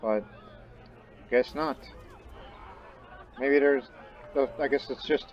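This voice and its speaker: A man's voice: medium pitch, slow pace, long pauses, dull audio, a faint crowd. A man casually commenting on his own strategy game as he plays, thinking aloud with chatty asides. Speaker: game streamer.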